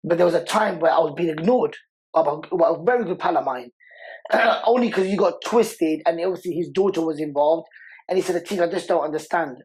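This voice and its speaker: A man's voice: fairly high pitch, brisk, breathy edge, poor audio. A man speaks earnestly as a podcast guest. He talks with raw, passionate conviction and hammers his points home by saying them again and again. His delivery feels heartfelt and conversational rather than rehearsed. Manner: passionate, repeats words for emphasis. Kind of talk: emotional interview conversation.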